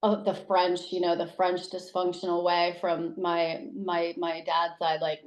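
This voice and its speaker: A woman in her thirties, a guest telling personal stories in casual conversation, acting out quotes with big jumps in pitch. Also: completely flat delivery, unhurried, hardly any pauses, lo-fi sound. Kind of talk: casual interview storytelling. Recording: roomy echo.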